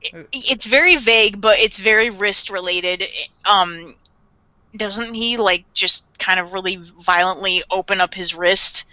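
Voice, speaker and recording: A woman's voice: mid-range voice, measured pace, sharp tone, no room sound, muffled recording. A woman casually recapping an anime with a co-host, acting out the characters' lines and laughing often. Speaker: podcast co-host.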